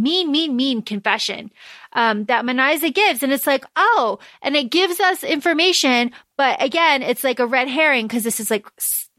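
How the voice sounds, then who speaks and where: Bright, high-voiced woman chatting about books. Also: dry recording, clean studio sound. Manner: chatty, animated retelling with fillers and quoted asides. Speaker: podcast co-host. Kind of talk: casual book discussion.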